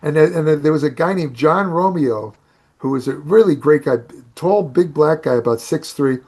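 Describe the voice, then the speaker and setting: A man's voice: a little high, animated, normal speed, a little mellow, husky. An older man, a bodybuilding writer, telling rambling anecdotes on a podcast with many restarts. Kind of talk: casual storytelling on a podcast.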